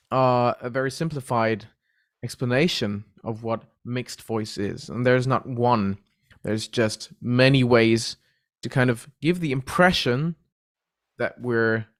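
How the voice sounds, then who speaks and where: A man teaching a relaxed vocal lesson, explaining voice registers and demonstrating the sounds himself. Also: mid-range voice. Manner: relaxed, explains terms patiently, breaks into vocal demos. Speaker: vocal coach.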